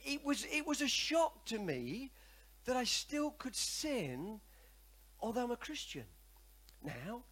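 A man's voice: high-pitched, breathy edge. A man preaching a sermon, telling a personal story and calling on the congregation to repeat after him. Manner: animated, repetitive, calls for congregation response.

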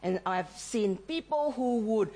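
A woman's voice: mid-range voice, lively intonation, takes it slowly, warm tone. A middle-aged woman preaching a sermon, telling stories with animation, acting out the voices she quotes and laughing often.

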